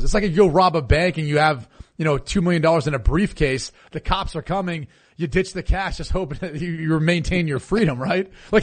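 Ex-qb guest chatting sports, relaxed and jokey, bit higher voice. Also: male voice, a little fast. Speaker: podcast guest, former quarterback. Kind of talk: casual sports chat.

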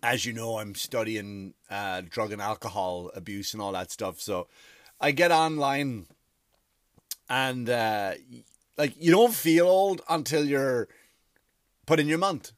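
A man's voice: lowish voice, unhurried, fairly bright tone, dry recording. Profane, rambling man on a dry mic. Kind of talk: rambling comic monologue.

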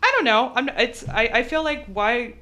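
Young woman, bright tone, rambling self-deprecating podcast chat. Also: a little high, moderate pace. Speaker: comedian podcast co-host. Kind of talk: casual chat.

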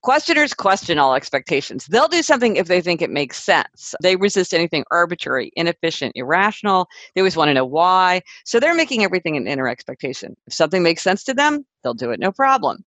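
Fast-talking woman explaining personality types. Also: fairly low pitch, no echo, rough recording. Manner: quick, animated, acts out quoted people. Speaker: author guest. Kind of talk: casual explanatory interview talk.

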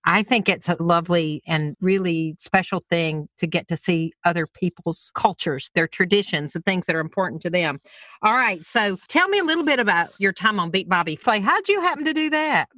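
A woman hosting an interview show, chatty and quick to laugh, telling her own stories. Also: on the low side, animated, fairly bright tone, no echo. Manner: laughs easily, chatty storyteller. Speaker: host. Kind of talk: casual interview chat.

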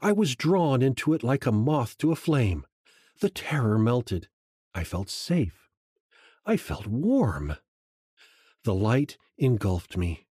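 A man reading a first-person audiobook in a slow, hushed, measured way. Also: mid-range voice, breathy edge, dry recording, clean studio sound. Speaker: audiobook narrator. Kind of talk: first-person scripted narration.

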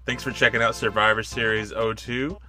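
A man's voice: on the low side, little pitch movement, music in the background. A young man co-hosting a casual podcast, chatting and joking with frequent laughs. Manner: laughing, joking, quick asides. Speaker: podcast co-host. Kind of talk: casual chat.

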